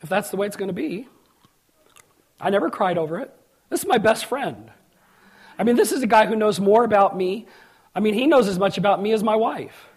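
A man's voice: high voice, expressive, a little fast, slightly rough. A middle-aged man preaching a sermon as pastor, telling personal stories and acting out the voices in them, building to emphatic peaks. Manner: storytelling preacher, acts out quotes, rises to emphatic peaks.

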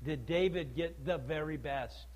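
A man delivers a sermon in a high, lifted voice. He leans hard on his points and keeps asking the listeners rhetorical questions. He shifts between loud declaiming and hushed, heavy stress. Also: a little slow, rough recording. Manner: emphatic, preaching with rhetorical questions; swings from loud declaiming to low, quiet stress. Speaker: preacher.

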